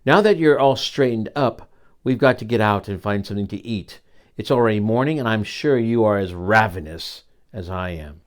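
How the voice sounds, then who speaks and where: A fussing, loving mother hyena from a storybook, put on by an older man reading aloud. She exclaims in a pitched-up voice. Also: expressive, normal speed, lightly acted. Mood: brisk.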